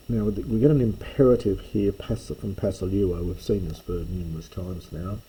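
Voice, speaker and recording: An older man giving a slow, halting line-by-line lecture, pausing often with ums and restarts. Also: low-pitched, fairly even intonation, warm tone, slight background noise, poor audio. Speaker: classics lecturer.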